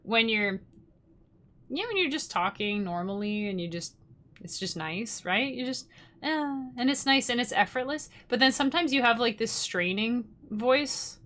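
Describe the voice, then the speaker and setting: Young woman streamer, bright voice, chatty and rambling, quick to laugh. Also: a little high. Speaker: musician streaming live to supporters. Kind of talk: casual livestream chat.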